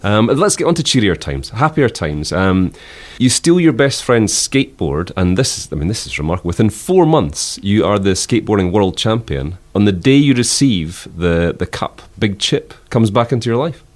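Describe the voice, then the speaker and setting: A man's voice: on the low side, sing-song, moderate pace, few pauses. A man interviewing a guest in a mock-earnest comic radio show, asking earnest, leading questions.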